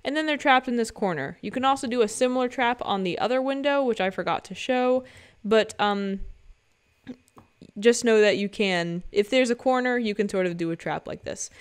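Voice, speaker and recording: Young woman, smooth clear voice, chatty game guide, playful joking asides. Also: on the high side, expressive, normal speed. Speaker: gaming guide creator. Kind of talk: casual game tutorial commentary. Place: home.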